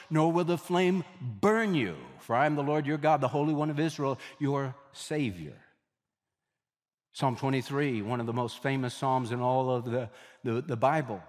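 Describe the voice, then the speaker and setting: A male pastor delivering an emphatic sermon, repeating key phrases and slowing down for weight. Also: medium pitch. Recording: long hall reverb.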